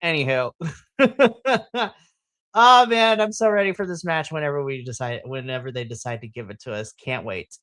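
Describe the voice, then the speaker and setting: A woman co-hosting a wrestling podcast, talking in an animated, playful way with frequent laughter. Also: low-pitched, normal speed, dry recording. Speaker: podcast co-host. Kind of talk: casual wrestling chat.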